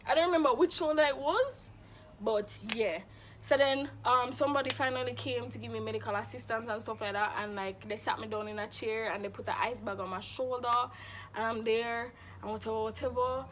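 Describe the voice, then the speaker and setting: A young woman telling a storytime in a casual, animated, dramatic way. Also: on the high side, a little hiss or hum. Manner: animated, dramatic, acts out quoted voices. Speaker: vlogger.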